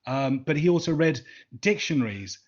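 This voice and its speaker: A man's voice: a little high, lively intonation, moderate pace, lo-fi sound. A man answering interview questions casually, rambling and often repeating words as he restarts. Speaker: interview guest, former assistant.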